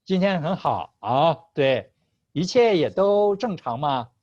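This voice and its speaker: Lively patient male language teacher. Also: fairly high pitch, takes it slowly, no echo. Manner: patient, mixes Chinese and English, laughs often. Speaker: Chinese teacher. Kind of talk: online class teaching. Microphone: video call. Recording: slightly dull video call audio.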